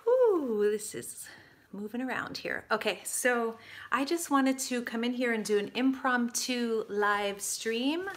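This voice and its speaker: A young woman talks straight to her viewers in a loose, unscripted livestream chat. She is effusive and gushing, breaking off to greet people by name, and her voice sits at an ordinary middle pitch. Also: bright, forceful tone. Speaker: life coach livestream host.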